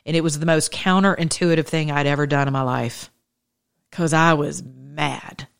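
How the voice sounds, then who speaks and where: A woman's voice: low voice, steady tone, normal speed, gravelly, clean tone. A woman in her thirties giving an informal, conversational sermon with impassioned, shifting pace. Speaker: preacher.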